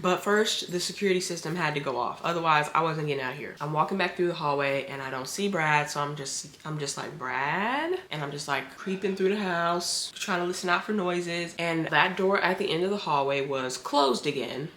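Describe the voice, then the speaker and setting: Low, bright-toned woman telling a story. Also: a little fast, hardly any pauses. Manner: dramatic, animated storytelling with acted-out quotes. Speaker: vlogger. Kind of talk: storytime narration. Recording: echoey room.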